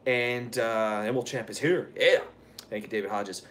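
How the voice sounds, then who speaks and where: A man's voice: fairly low pitch, moderate pace, fairly bright tone, a little hiss or hum. A man hosting a live stream, chatting casually and telling stories in a rambling, profane way, laughing often. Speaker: live streamer answering chat.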